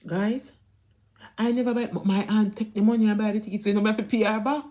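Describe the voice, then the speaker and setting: A woman's voice: medium pitch, fairly even intonation, fast, warm tone. A woman with a Jamaican accent telling a family story to her viewers in a casual vlog, emphatic and repetitive, often turning to address them directly. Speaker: vlogger.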